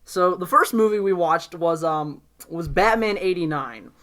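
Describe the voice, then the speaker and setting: A man hosting a casual pop culture podcast, talking in a jokey, animated way. He riffs quickly off his co-host's remarks and keeps the chat moving. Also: high-pitched. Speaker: podcast host.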